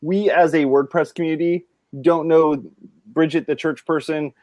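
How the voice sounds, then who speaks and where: A man hosting a casual panel chat, rambling and relaxed, with many fillers. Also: fairly high pitch, normal speed, dry recording. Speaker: podcast host.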